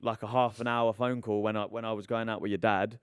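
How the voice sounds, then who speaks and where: A man's voice: on the low side, flat delivery, fast talker, clear, resonant tone, dry recording. A man in his twenties hosting a podcast, chatting bluntly and earnestly, close to a studio mic. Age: 20s. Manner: earnest, blunt, swears casually. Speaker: podcast host. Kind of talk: casual chat.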